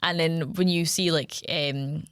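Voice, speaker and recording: A woman's voice: low-pitched, steady tone, unhurried, a bit bright, clear, resonant tone, no echo, clean studio sound. A woman co-hosting a podcast, chatting casually about a film in a rambling way with lots of fillers. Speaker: podcast co-host.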